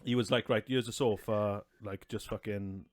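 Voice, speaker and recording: In this clip the podcast co-host speaks at a moderate pace in a fairly low, steady tone, with no echo. He spins a loud, profanity-filled yarn full of laughs in a relaxed, chatty way.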